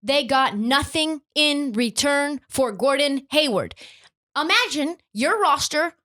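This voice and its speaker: A woman's voice: high voice, expressive, slow pace, pushed and bright. A young woman hosting a sports podcast, ranting in an emphatic, profane, opinionated way. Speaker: podcast host.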